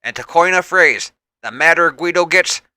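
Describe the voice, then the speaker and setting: A brawny, boastful strongman, as a man puts him on, taunting and loud. His voice runs a little high and bright. The recording is close and dry. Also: moderate pace, smooth, dry recording. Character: big boastful strongman, grows madder as he fights.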